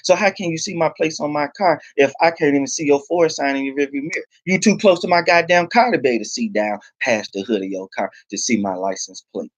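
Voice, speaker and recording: A man's voice: fairly high pitch, fast, hardly any pauses, no room sound. A man ranting angrily to the camera, swearing heavily and repeating himself. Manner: heated, profane, repeats himself. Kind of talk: angry rant to camera.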